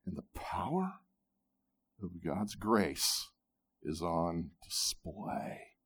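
A man preaching a sermon, emphatic, with dramatic pauses, at times dropping to a near-whisper. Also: low-pitched, sing-song, a bit bright, slightly rough. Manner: repeats words when restarting. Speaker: pastor.

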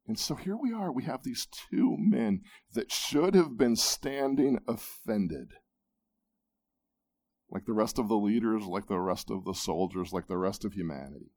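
A man preaching a sermon, emphatic, with dramatic pauses, at times dropping to a near-whisper. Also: on the low side, expressive, a little mellow. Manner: repeats words when restarting. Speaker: pastor.

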